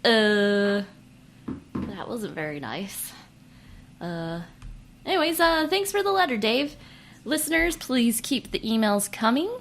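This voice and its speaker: Woman, podcast host, comedic, self-mocking, bright tense voice, casual chat. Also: on the high side, big pitch swings, takes it slowly, pauses often. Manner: playful, jokey, self-mocking. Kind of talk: comedic podcast chat reading listener mail.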